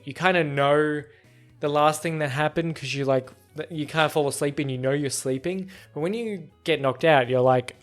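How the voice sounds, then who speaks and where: A young man with a fairly high voice tells a personal story, chatty and animated, and he jumps up in pitch whenever he quotes someone. Faint music plays underneath. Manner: animated, acts out quotes in a higher voice. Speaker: podcast host. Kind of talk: casual storytelling monologue.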